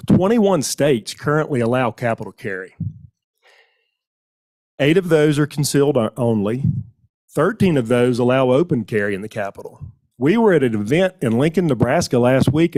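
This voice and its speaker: Man, formal committee testimony, measured, emphatic, hearing room. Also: medium pitch, a little mellow. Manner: measured, emphatic, with stressed key words. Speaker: witness testifying to a legislative committee.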